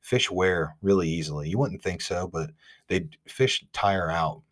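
A man with an Ohio accent hosting a podcast, telling a fishing story in a rambling, animated way with lots of "like". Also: low-pitched, a little slow. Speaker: podcast host. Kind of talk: casual storytelling.

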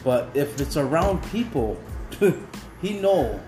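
A man chatting with friends, his high voice leaping all over the place as he laughs and swears. The room rings with echo, and music plays behind him. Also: very animated, slow. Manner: loud, laughing, swearing freely. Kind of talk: casual chat.

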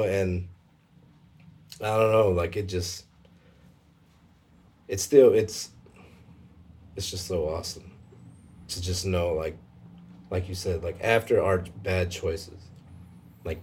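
A man telling a personal faith story in a casual conversation, emotional and halting, with many fillers. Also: deep voice, steady tone, darkish tone, husky.

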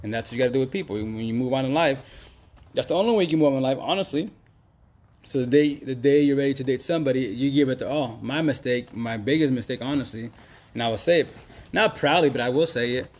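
A man's voice: mid-range voice, a little mellow. A man talking straight to camera in a casual, slangy monologue, full of emphatic repeats and street talk. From Seattle, USA. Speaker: Facebook Live vlogger.

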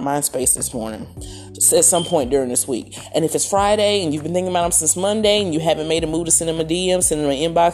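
Chatty woman hosting a home podcast. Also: lowish voice. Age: middle-aged or older. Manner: chatty, animated, playful asides. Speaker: podcast host. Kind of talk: casual solo podcast chat. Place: at home in a chair.

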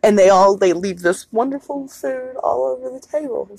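A woman talks through a film scene with animated, profane energy, as a casual podcast co-host. Her voice has a husky grain. The sound is dry and close, with no room around it. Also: on the high side, normal speed, no room sound. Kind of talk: casual movie recap chat.

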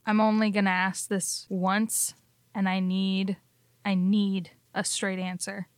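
A woman's voice: mid-range voice, level tone, takes it slowly, no echo, lightly acted. A woman voicing a guarded, tough young woman in a tabletop game, blunt and confrontational, with some swearing.

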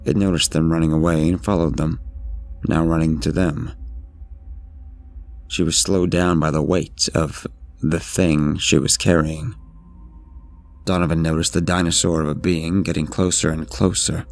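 Male horror narrator, scripted, measured, steady, extremely deep, flat delivery. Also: creaky. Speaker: storyteller.

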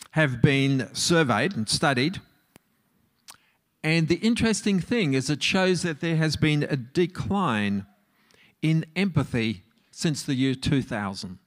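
Chatty middle-aged male counsellor. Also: medium pitch. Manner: conversational, asks the audience questions. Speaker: marriage counsellor. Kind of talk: relaxed talk to a live audience.

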